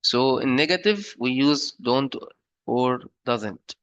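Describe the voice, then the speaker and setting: A man's voice: medium pitch, takes it slowly, a bit bright, clear, resonant tone. A man teaching a beginner grammar lesson, explaining step by step with fillers and frequent checks like "right?". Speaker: English teacher.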